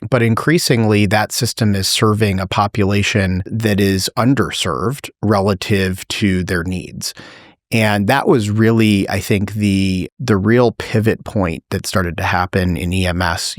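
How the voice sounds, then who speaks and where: A man speaks as a guest executive. He answers in a measured, articulate way, laying out points one by one. The recording is close and dry, with no room sound. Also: on the low side, no room sound. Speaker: healthcare company executive, guest. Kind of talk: interview answers.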